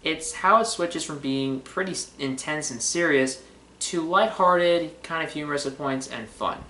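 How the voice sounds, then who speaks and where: A man's voice: a little high, a little slow, pushed and bright. A man casually reviewing movie trailers, rambling with lots of fillers and restarts. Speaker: film reviewer. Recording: roomy echo.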